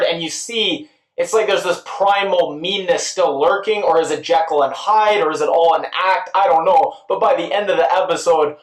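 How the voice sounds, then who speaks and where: A man giving a casual spoken recap and review of a TV episode, chatty and quick to act out the characters' lines. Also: high-pitched, reverberant. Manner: chatty, quotes characters in quick put-on voices.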